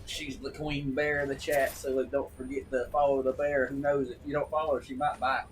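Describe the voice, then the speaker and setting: A man's voice: medium pitch, flat delivery, fairly quick. A man chatting casually on a live stream, rambling with frequent restarts and repeated words. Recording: distant mic with faint noise.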